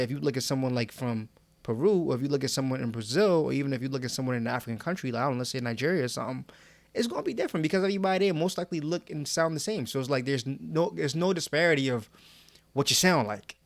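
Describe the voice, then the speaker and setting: A man's voice: mid-range voice, very fast, no echo. A young man co-hosting a podcast, talking casually with slang and laughs. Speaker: podcast co-host.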